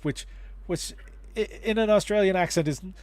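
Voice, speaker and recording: A man's voice: high-pitched, normal speed, darkish tone. Rambling man hosting a livestream. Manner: rambling, with many restarts and fillers. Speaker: host. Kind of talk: casual livestream advice chat.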